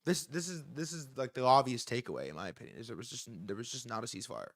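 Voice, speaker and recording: A young man in his twenties hosting a live stream, talking in a profane, excitable, rambling way. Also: mid-range voice, quick pace, dry recording, studio quality. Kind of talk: casual live commentary.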